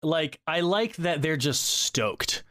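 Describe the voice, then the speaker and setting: A man co-hosting a podcast in casual chat, animated, with sudden excited high-pitched bursts. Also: takes it slowly, no echo, clean studio sound. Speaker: podcast co-host.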